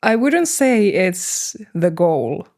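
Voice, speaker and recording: A woman's voice: lowish voice, sing-song, slow pace, vocal fry, a little mellow. A young woman, a band's business person and vocalist, talking things over hesitantly in a casual podcast conversation. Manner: thoughtful, hesitant, with frequent fillers and laughs. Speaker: band manager and vocalist, podcast guest.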